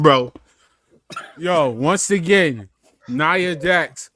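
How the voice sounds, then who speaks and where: A man in his thirties hosts a loose, joking talk show, his voice a touch high and swinging widely up and down. He laughs often and breaks into loud shouted bursts. The sound is dry and close, with no room around it. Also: lively intonation, moderate pace, no echo. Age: 30s. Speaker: podcast host. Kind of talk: casual chat.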